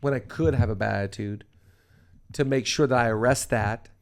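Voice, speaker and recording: A middle-aged man with a gravelly, fry-edged voice talks about leadership on a podcast. He pushes his points hard and repeats key phrases for emphasis, like a preacher. His pitch sits in an ordinary middle range. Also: normal speed. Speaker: pastor and podcast host.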